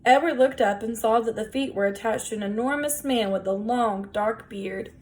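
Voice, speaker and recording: A woman reading a children's novel aloud in a gentle, measured storytelling voice. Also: on the high side. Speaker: audiobook reader.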